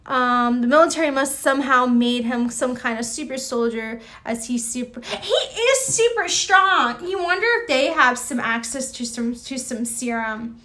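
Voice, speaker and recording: A woman with a high voice chats live at a moderate pace, barely pausing. Casual and rambling, her bright, forceful tone is full of "like" and restarts as she answers viewers' comments.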